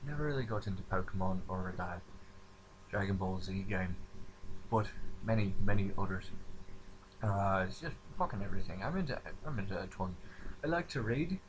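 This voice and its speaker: Man, deep-ish voice, imitated Scottish accent, offhand, rambling, self-deprecating. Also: lively intonation, moderate pace, pauses often, a little hiss or hum, rough recording. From upstate New York. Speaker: vlogger. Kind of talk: casual self-introduction monologue.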